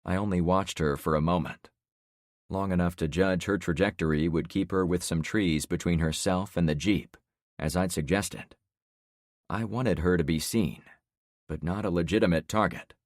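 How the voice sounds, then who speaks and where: A man narrating a first-person survival thriller audiobook in a steady, dry storytelling delivery. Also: low voice, normal speed, dry recording.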